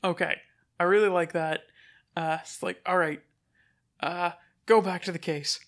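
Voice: medium pitch, fairly even intonation, measured pace, a bit bright. Co-host chiming in casually. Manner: chimes in with short agreements, riffs on jokes. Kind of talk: casual brainstorming chat.

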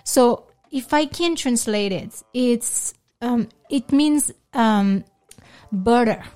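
High-voiced woman with a French accent. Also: takes it slowly. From France. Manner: animated storytelling. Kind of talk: casual chat.

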